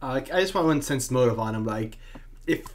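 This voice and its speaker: A man's voice: mid-range voice, animated, a little fast, slight background noise. A man playing a tabletop game, earnest and insistent in character. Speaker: player. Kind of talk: in-character tabletop role-play.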